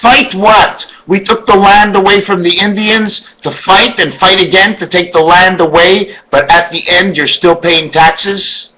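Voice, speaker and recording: A man's voice: high voice, steady tone, measured pace, hardly any pauses, bright, forceful tone, slight background noise, low-quality recording. A man delivering an emphatic, rambling monologue full of rhetorical questions. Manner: spells words out letter by letter. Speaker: video blogger.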